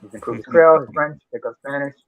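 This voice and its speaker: A man's voice: mid-range voice, very fast, a crowd in the background. A man in offhand casual chat, talking loosely. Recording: tinny phone-like call line.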